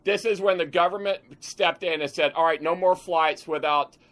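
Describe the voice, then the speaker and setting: A man's voice: a little high, moderate pace, a bit bright. Heated man ranting to his viewers. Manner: emphatic, repetitive, heated. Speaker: bunker builder and channel host. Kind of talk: angry off-the-cuff rant to camera.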